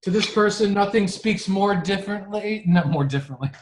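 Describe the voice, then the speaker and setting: A man's voice: high voice, a little fast. A man co-hosting a podcast, talking earnestly in casual chat and often restarting his sentences. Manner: earnest, frequent restarts and laughs. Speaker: podcast co-host.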